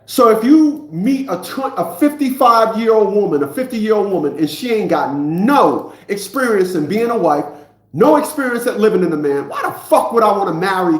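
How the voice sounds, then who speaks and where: A man's voice: high voice, animated, normal speed, roomy sound. A man in his fifties ranting in a preachy, profane monologue, often repeating himself. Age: 50s. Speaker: vlogger.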